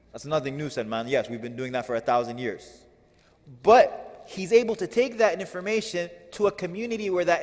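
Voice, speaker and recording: A man giving a religious lecture on classical poetry, animated and firing rhetorical questions at his audience. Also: a little high, in a large hall. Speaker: religious teacher.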